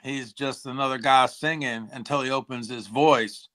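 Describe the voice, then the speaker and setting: Hoarse, chatty musician guy. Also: medium pitch, fairly even intonation, moderate pace, fairly bright tone. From Tennessee, US. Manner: rambling, says "like" and "dude" a lot. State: hoarse, throat-clearing. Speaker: musician guest. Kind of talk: casual interview chat.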